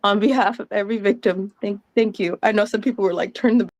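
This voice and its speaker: A woman's voice: mid-range voice, fairly even intonation, fast, darkish tone, no echo. A woman in her thirties giving emphatic, breathless reaction commentary and laughing between thoughts. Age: 30s. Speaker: co-host of a reaction stream.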